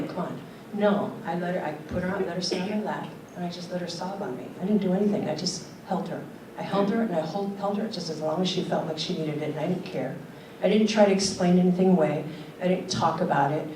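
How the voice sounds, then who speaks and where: There's background noise as an older woman with a lowish voice gives an earnest keynote, asking questions and telling stories. The conference hall audio sounds roomy and was recorded from a distance.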